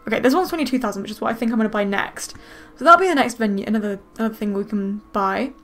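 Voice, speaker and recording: Woman, casual gameplay commentary host; high voice, excitable, gushing. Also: quick pace. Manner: excitable, gushing, squeals with delight. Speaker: gaming video host.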